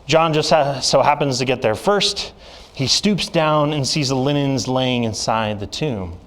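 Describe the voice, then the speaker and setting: A young man gives a sermon in a church, telling personal stories in a relaxed, conversational way. His voice sits at an ordinary middle pitch, and he slips into animated voices when he quotes people. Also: a little slow. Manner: storytelling with lively acted quotes. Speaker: preacher.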